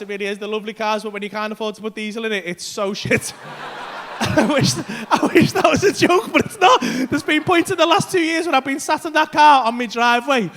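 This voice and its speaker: Brash, sweary high-voiced male comic. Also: a bit bright. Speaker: stand-up comedian. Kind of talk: stand-up comedy set. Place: comedy club stage.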